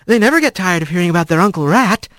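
A man voicing a young female mouse, the lodge mistress, speaking in a gentle, delighted way. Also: sits high, animated, fast, no room sound, clean studio sound. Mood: cheerful.

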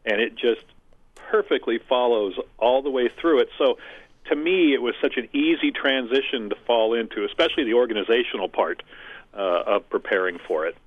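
A man's voice: medium pitch, normal speed, no echo. A middle-aged man who owns and co-founded a community theater, talking earnestly and methodically in an interview, drawing long comparisons. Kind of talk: casual interview talk. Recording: tinny phone-like line.

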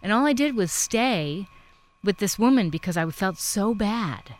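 A woman's voice: mid-range voice, lively intonation, measured pace. A woman interviewer chatting casually, telling a personal story with many affirming murmurs. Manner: warm conversational storyteller, frequent affirmations.

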